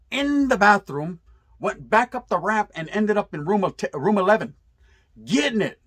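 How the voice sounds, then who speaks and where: A middle-aged man tells a story in a casual, animated way, loaded with profanity and street slang. His voice is husky and sits a bit high for a man. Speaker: storyteller vlogger.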